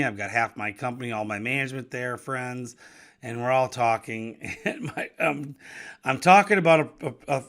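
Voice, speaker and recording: His voice is medium in pitch, bright and forceful as this fifties-something podcast host and business owner from Wisconsin chats solo about business risk. He keeps it conversational, often restarting or repeating words, with laughs between ideas.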